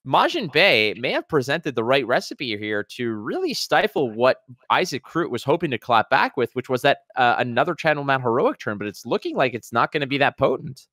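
A man from Quebec in his thirties calls card game action with playful excitement. His pitch swings widely, and the sound is dry and close. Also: fairly quick, few pauses, no echo. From Quebec, Canada. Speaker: commentator.

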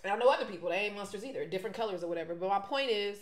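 A woman, talking to her viewers in an animated, indignant way while she eats. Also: mid-range voice, racing, roomy sound. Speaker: vlogger. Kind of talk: casual mukbang commentary.

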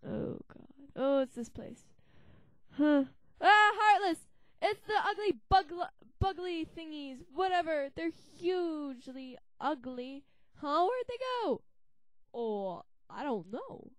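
A woman voicing an excitable, easily spooked teenage boy hero in a fan comedy dub of a game, squealing and melodramatic. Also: sits high, slow, no room sound. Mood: excited.

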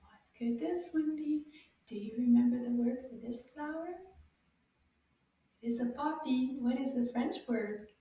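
A high-voiced woman leads a children's language lesson in an unhurried, encouraging way, stretching out sounds for little ones to copy. Her tone is mellow rather than bright. She sounds far from the mic in a very echoey room. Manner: slow, cheerful and encouraging, exaggerated sounds for repetition. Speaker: French teacher for children.

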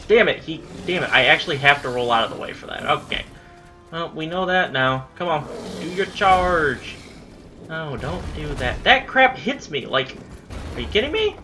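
Excitable, bright-voiced male gamer. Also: fairly high pitch. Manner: excitable, swears, yells at enemies. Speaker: gamer playing through a boss fight. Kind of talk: casual let's-play commentary.

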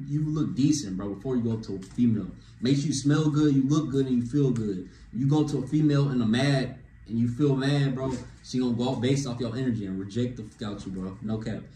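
A young man ranting to camera with dating advice, animated and slangy, tossing in "bro" after nearly every phrase. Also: mid-range voice, slight background noise. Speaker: vlogger giving dating advice. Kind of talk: casual rant to camera. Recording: echoey room with faint ambience.

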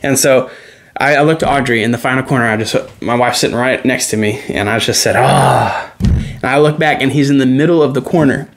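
A man hosting a casual racing chat show, telling stories excitedly and laughing often. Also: mid-range voice, fast. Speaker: podcast host.

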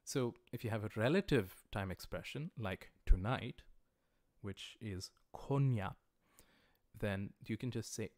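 A man teaching a livestreamed language class, explaining grammar patiently and repeating example sentences slowly. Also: on the low side, a little mellow, dry recording, studio quality. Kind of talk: livestreamed lecture.

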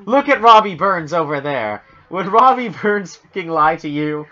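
A man's voice: on the high side, sing-song, normal speed, bright, forceful tone, dull audio. A Canadian man co-hosting a podcast, rambling and swearing through jokey casual talk. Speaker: podcast co-host.

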